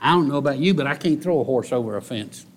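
A man preaching a sermon in a folksy way, repeating key phrases and rising into loud exhortation. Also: animated, fast talker. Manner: rises to loud, high-pitched exhortation. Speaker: pastor.

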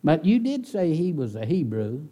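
A man's voice: on the high side, moderate pace. Folksy preacher man. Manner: folksy, animated, rhetorical questions to the congregation. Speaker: pastor. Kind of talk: sermon. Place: church.

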